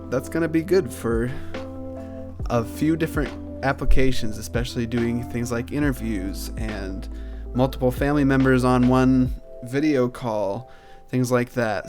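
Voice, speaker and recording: A man's voice: mid-range voice, darkish tone. Plain-spoken man reviewing gear. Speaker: tech reviewer. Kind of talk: casual product review.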